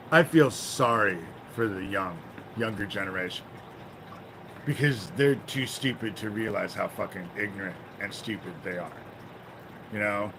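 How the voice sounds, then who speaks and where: A man's voice: medium pitch, fairly bright tone, a little hiss or hum, rough recording. Man ranting angrily on a livestream. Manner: profane, angry ranting; fills pauses with "you know?". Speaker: livestream host. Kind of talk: livestream monologue.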